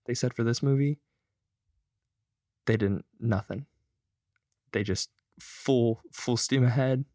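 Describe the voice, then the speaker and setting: A man's voice: mid-range voice, slow, mellow, no echo. Young man, casual podcast chat, loose storytelling, dry close sound. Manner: loose storyteller, swears freely. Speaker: podcast co-host.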